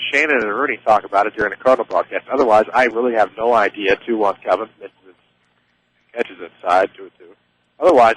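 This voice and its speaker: A man calling play-by-play for a high school baseball game on local radio, easygoing and chatty. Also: low-quality recording. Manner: easygoing, chatty, excited on big plays. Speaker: play-by-play announcer.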